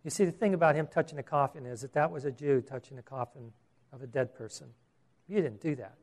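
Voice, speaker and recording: A man's voice: medium pitch, fast talker, a little mellow. A man preaching a sermon, earnest, with repeated words and rhetorical questions.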